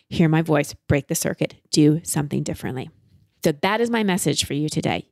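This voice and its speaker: Gravelly-voiced woman giving a pep talk. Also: sits low, moderate pace, no echo, clean studio sound. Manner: emphatic and repetitive, animated delivery. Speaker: podcast host and coach. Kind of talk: motivational self-help talk.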